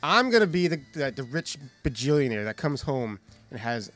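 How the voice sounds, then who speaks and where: A man hosting a casual podcast, animated and laughing, swearing often. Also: mid-range voice, normal speed, soft background music. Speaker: podcast host. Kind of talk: casual banter.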